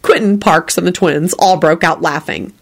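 A woman's voice: lowish voice, normal speed, gravelly. A woman reading a story aloud, telling it expressively. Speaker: reader.

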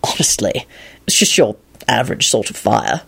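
A weary wizard, voiced by a woman reading aloud, speaks low and flat. He is terse and resigned in this storybook reading. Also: moderate pace, vocal fry, breathy edge, heavily acted.

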